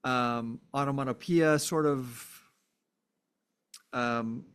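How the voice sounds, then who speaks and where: A man's voice: medium pitch, steady tone, drawn-out words, a bit bright, clear, resonant tone. A man hosting a podcast, thinking aloud through a philosophical monologue with fillers and frequent "right?" checks. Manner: acts out short exclamations. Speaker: podcast host.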